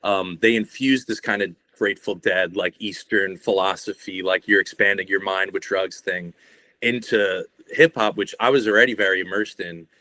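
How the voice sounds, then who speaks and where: A man's voice: sits low, fairly even intonation, moderate pace, bright, forceful tone, no echo. A young man, a guest on a podcast, talking in a rambling, laid-back way and swearing often. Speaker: guest, shirt artist. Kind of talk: casual podcast conversation.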